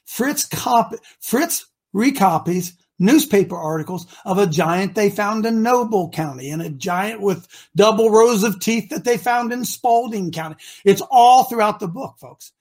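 A preachy male talk show host from Ohio with a husky voice. He talks emphatically, breaking out into shouts and then dropping low. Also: expressive, measured pace, hardly any pauses. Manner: emphatic and preachy, swinging between shouting and mutters.

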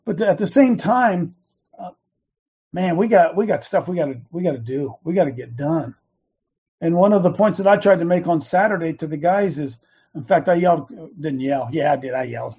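A man hosting a talk show, speaking in an earnest, casual monologue that builds into fervent shouting, wearing earbuds. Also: a little high, animated, normal speed, slightly rough. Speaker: show host.

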